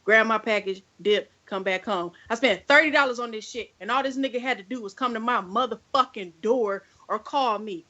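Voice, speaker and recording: A woman's voice: fairly high pitch, normal speed, hardly any pauses, sharp tone, lo-fi sound. A woman co-hosting a podcast, telling a long story as a profane, exasperated rant and acting out both sides of her phone calls. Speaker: podcast co-host.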